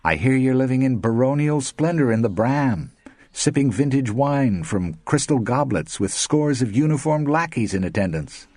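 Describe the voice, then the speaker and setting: A man's voice: mid-range voice, lively intonation, moderate pace, a little mellow, no room sound, pitched above the performer's own voice, lightly acted. A man doing a bitter, sarcastic blind actor. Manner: sarcastic, mocking.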